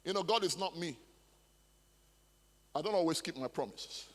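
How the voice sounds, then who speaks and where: High-voiced preaching man, big hall echo. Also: animated, moderate pace. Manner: preaching with emphatic repetition and stammered restarts. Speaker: pastor. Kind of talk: sermon. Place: large church hall. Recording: long church hall reverb.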